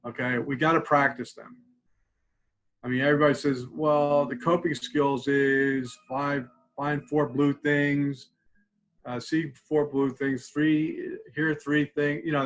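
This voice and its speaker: A man's voice: a little high, fairly bright tone, poor audio. A man, a student support clinician, leading a live counseling webinar in a casual, conversational way, guiding tapping and mindfulness exercises and checking in with "okay?" after nearly every point. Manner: conversational, tags lines with "okay?".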